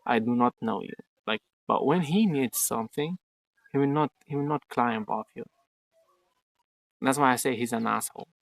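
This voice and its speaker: A man's voice: mid-range voice, moderate pace, creaky, long pauses, dry recording. A man chatting casually on a livestream outdoors in a garden, rambling and joking with lots of swearing. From Ukraine. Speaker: streamer.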